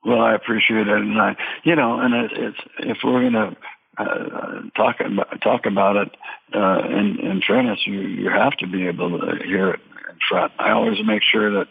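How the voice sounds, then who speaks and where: Gravelly older man on a tinny line. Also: fairly low pitch, steady tone. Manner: halting, many restarts and fillers. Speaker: guest drummer and producer. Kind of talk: storytelling interview.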